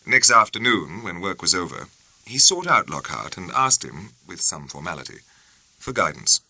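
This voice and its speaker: A man, narrating a novel in a measured, clearly spoken audiobook reading. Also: deep voice, very animated, sharp tone, no echo, rough recording. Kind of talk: scripted narration.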